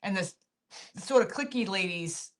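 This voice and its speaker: A woman's voice: medium pitch, unhurried. A middle-aged woman telling a story in a casual podcast chat, acting out the people in it and often laughing. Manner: animated storyteller, acts out quotes, laughs often. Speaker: podcast co-host.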